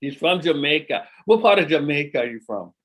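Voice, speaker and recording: Host, male, husky slightly high voice, excitable, repeats lines for emphasis. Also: brisk. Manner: energetic, repeats himself for emphasis, hypes the guest. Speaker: podcast host. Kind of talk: casual interview chat.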